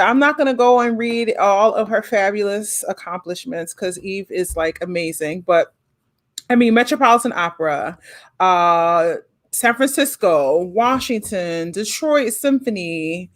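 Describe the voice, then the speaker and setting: A woman hosting a casual interview show, talking effusively in quick bursts. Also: medium pitch. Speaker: host.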